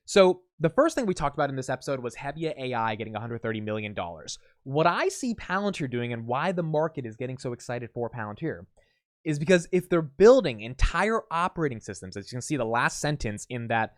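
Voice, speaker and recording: Energetic man explaining stock news. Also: mid-range voice, fairly quick, no echo, studio quality. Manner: energetic, explanatory, talks to the viewer directly. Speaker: host of a daily stock analysis show. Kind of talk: casual solo commentary on investing news.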